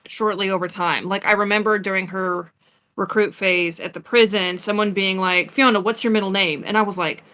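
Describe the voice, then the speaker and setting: A woman guest in a casual chat, telling animated stories and laughing easily. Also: mid-range voice, moderate pace, clear, resonant tone. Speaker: guest roleplayer.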